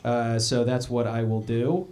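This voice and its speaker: A young man hosting a live comedy show, telling a stand-up bit on stage with an animated delivery and quick put-on voices. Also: medium pitch. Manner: animated, puts on voices for quoted people.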